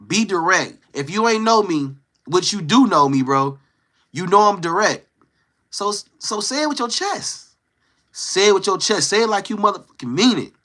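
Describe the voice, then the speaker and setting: A young man livestreams in a voice that leans high and sounds pushed and bright. Between casual chat with his viewers, he teases the trolls with playful trash talk.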